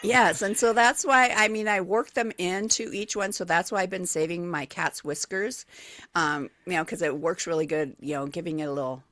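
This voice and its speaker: A woman's voice: lowish voice, normal speed, fairly bright tone, no echo. A woman co-hosting a morning radio show, chatty and rambling in casual banter into a studio mic.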